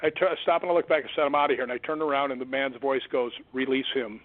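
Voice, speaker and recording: A man, a stuntman guest on an interview show, telling an eerie story in an animated way and acting out the voices of the people he quotes. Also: mid-range voice, racing, no room sound. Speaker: guest, stuntman and ghost hunter. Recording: tinny phone line.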